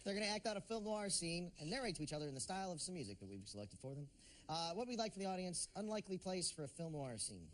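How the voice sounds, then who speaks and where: A man's voice: high-pitched, sing-song, fast talker. A man hosting a game show, introducing games with jokes and chuckling between them. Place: television studio stage. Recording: studio with audience noise.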